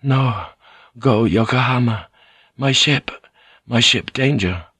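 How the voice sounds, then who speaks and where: A man's voice: medium pitch, fairly bright tone, breathy edge, no echo, clean studio sound, heavily acted. A man doing a dazed, desperate ship's pilot. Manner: halting, strained, desperate.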